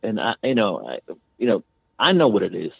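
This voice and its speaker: Male guest storyteller, gravel-voiced, rambling and halting, phone-quality line. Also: lowish voice, huge pitch swings, dry recording. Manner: rambling, many restarts, fillers like "you know" and "man". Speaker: guest author and medium. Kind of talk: casual storytelling.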